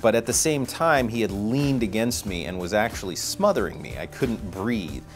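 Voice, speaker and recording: A man's voice: on the low side, animated, normal speed, soft background music. A man telling a personal anecdote to camera in a wry, self-deprecating way. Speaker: storyteller.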